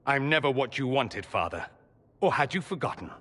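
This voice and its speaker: An actor playing a proud, sarcastic male mage confronting the father he is estranged from, with a husky voice and a cutting manner. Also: mid-range voice, very animated, normal speed, fairly bright tone, long reverb tail, slight background noise. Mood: bitter. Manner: sarcastic, cutting, rising to anger. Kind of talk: game character dialogue.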